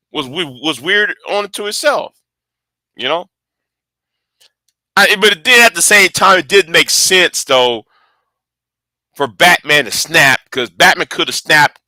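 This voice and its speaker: A man giving casual rambling commentary, excitable and cursing often, stumbling over and repeating his words. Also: a little high, no echo. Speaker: online commentator.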